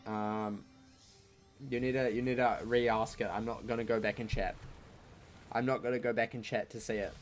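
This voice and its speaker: A young man, chatting casually through a live-streamed game, joking and breaking into loud outcries. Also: medium pitch, level tone, moderate pace, slight background noise. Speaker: gaming streamer.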